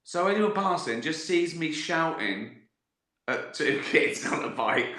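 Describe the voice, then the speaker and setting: Middle-aged man, West Country accent, bright voice, rambling and profane comedic storytelling, echoey room. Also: medium pitch, slow pace. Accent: West Country English. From West Country, England. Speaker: host answering viewer questions. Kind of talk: casual livestream chat.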